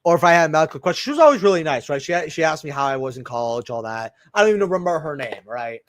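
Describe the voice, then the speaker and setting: A young man with a high, very lively voice rambles through a story while opening cards, tossing in "right?" every few lines. The sound is dry and close, with no room echo. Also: racing. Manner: rambling, animated, lots of "right?" and asides. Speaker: channel host opening trading cards.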